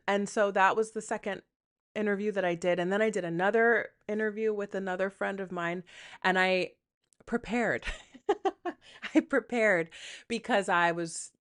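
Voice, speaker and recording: A woman with a fairly low voice hosts her own podcast in an unscripted, rambling monologue. She is candid and self-deprecating, slips in casual swearing, and voices her inner thoughts aloud as quick asides. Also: a bit bright. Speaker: podcast host.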